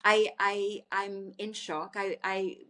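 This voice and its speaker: A woman speaks as a podcast guest, telling a personal story with earnest reflection. She often halts and restarts mid-sentence, searching for words, and her voice sits in an ordinary middle pitch. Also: little pitch movement, takes it slowly, bright, forceful tone, clean tone.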